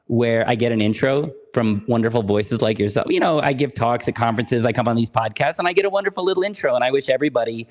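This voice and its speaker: A man's voice: medium pitch, fast talker, few pauses. A man from California, talking in a chatty, light-hearted way as a guest on a podcast interview. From California, United States.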